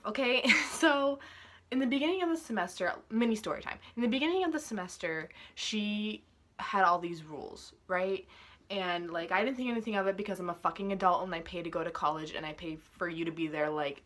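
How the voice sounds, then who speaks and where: A young woman venting to camera about pet peeves, profane and exasperated, her voice rising into loud outbursts. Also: mid-range voice, brisk. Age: young adult. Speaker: vlogger.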